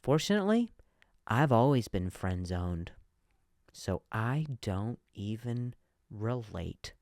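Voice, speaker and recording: A man's voice: lowish voice, expressive, slow pace, a little mellow, no echo, clean studio sound. A man hosting a comedy podcast, telling stories in a monologue, with a stutter and frequent repeated words and restarts.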